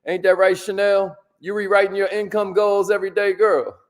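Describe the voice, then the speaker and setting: A man hosting a live motivational stream, energetic and casual, greeting viewers by name and repeating his key lines. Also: high-pitched, moderate pace.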